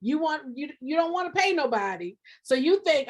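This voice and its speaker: A woman coaching nonprofit leaders in a passionate live talk, preachy and often breaking into shouting, hammering points home by repeating phrases. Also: high voice, very animated, normal speed, few pauses.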